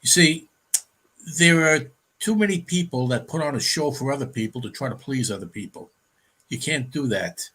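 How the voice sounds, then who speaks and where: A man's voice: medium pitch, animated, normal speed, sharp tone, breathy edge. A man speaking bluntly and matter-of-factly as an interview guest. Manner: blunt, matter-of-fact, no-nonsense. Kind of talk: casual interview talk.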